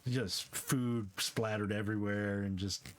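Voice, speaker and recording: A man's voice: lowish voice, fairly even intonation, a little slow. A man narrating a tabletop game as game master, loose and jokey, with lots of fillers.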